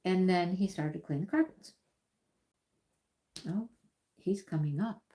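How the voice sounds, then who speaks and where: A woman's voice: fairly low pitch, measured pace, dark tone. A woman hosting a casual livestream from her crafting table at home, chatting in a rambling way and often repeating her words. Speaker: livestream host. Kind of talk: casual live-stream chat while crafting.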